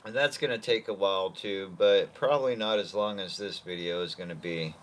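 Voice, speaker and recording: A man's voice: low voice, brisk, a little hiss or hum. A man hosting a casual cooking livestream, rambling and thinking aloud with many fillers.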